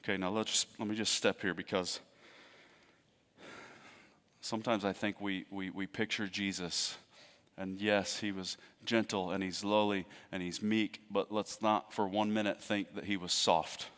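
Bright-voiced preacher in a reverberant hall. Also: male voice, lowish voice, level tone, unhurried. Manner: conversational preaching, swinging from loud emphasis to hushed asides. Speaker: pastor. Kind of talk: sermon.

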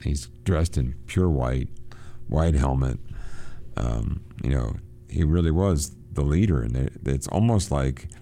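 A man hosting a radio book program, reading passages aloud and explaining them with halting repeats. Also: a bass voice, expressive, vocal fry, dark tone. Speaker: radio show host.

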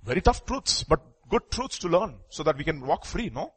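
A man preaching a sermon with passion. He swings from loud, urgent bursts down to hushed pleading. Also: a little high, big pitch swings, moderate pace, breathy edge.

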